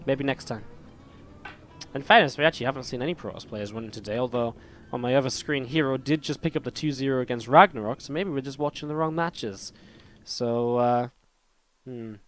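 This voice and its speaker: A male esports caster gives running play-by-play and chats straight to his viewers, with a mid-range voice that sounds a little strained. Soft music plays faintly behind him. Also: medium pitch. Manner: chatty, rambling, talks to viewers directly. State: slightly strained voice. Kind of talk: live play-by-play game commentary.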